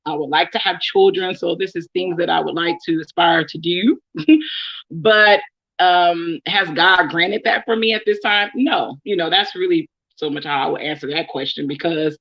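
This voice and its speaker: A woman's voice: on the low side, moderate pace, fairly bright tone, lo-fi sound. A young woman with a Bay Area accent from Oakland, chatting casually to camera as she answers follower questions, laughing often with plenty of ums. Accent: Bay Area, California. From Oakland, California.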